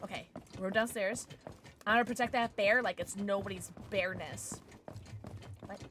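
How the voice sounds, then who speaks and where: A young woman streaming a video game, excitable, swearing and joking about her own play. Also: medium pitch, moderate pace, background noise. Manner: excitable, swears a lot, self-deprecating. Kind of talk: live gameplay commentary.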